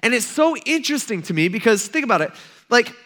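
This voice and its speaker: A man's voice: very high voice, sing-song, quick pace, fairly bright tone. A young man preaching a sermon as pastor, in a casual, conversational way with playful acted asides.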